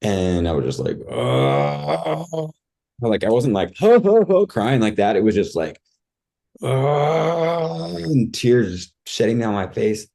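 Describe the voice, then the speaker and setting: A man with a fairly low, warm, relaxed voice tells a personal story as a podcast guest, speaking at normal speed. He's casual and vivid, acting out his own cries, and his speech is packed with "like" and "dude."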